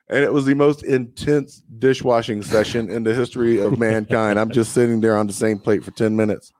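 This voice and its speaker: A man's voice: lowish voice, fairly even intonation, normal speed, darkish tone, no room sound. A young man, a podcast co-host, telling a long profane story in casual chat and acting out the people in it. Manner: profane, drawling anecdotes with acted-out quotes.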